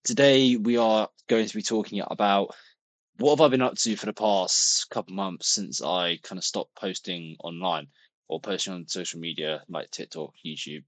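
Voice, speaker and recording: A man's voice: low voice, steady tone, normal speed, no echo. A young man, talking casually to camera in a rambling, chatty vlog, full of restarts and the odd swear. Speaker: vlogger.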